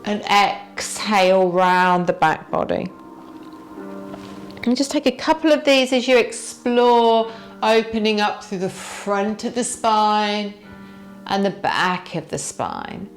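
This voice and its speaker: A woman teacher guiding a yoga warm-up, gently asking the listener what they feel in the body. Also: mid-range voice, lively intonation, faint music behind. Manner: slow, gentle, inviting questions to the listener. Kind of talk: guided yoga class instruction.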